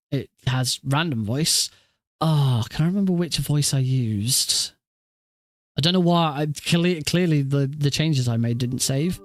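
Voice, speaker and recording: In studio-quality audio with no room sound, a speedrunner with a somewhat high voice chats casually on his live stream. He rambles and keeps breaking off to restart his sentences while adjusting his setup.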